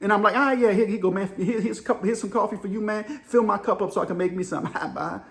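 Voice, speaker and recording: Man, middle-aged, high-pitched, casual storyteller, animated, mimics voices and sounds. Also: fast. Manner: animated, acts out voices and sound effects, laughs often. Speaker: storyteller and channel host.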